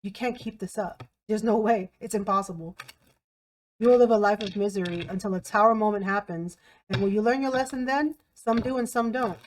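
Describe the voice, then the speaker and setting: A woman's voice: medium pitch, steady tone, brisk, slight background noise. A woman giving a tarot reading to camera in a blunt, emphatic way, repeating herself and swearing freely. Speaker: tarot reader.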